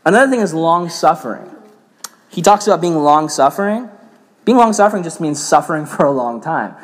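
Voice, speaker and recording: A young man giving a casual sermon to a youth group, telling stories in an animated way with many filler "like"s. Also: a little high, fairly quick. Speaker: youth pastor. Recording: reverberant hall.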